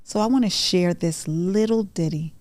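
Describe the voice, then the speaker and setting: A woman's voice: lowish voice, moderate pace, darkish tone, dry recording. A middle-aged woman hosting a motivational talk, earnest and repeating phrases for emphasis. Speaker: podcast host. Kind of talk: motivational monologue.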